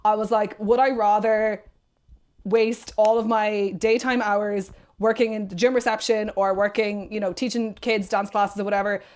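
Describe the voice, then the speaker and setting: A young Irish woman, a podcast guest, chatting casually and telling lively stories, often quoting herself and others. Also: mid-range voice, normal speed. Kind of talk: casual interview chat.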